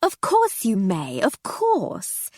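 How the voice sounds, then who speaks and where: A woman voicing a domineering, gaudy upper-class wife in her fifties with a shrill, sharp way of talking. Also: very animated, a little slow, husky, dry recording, studio quality, full character voice. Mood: gushing.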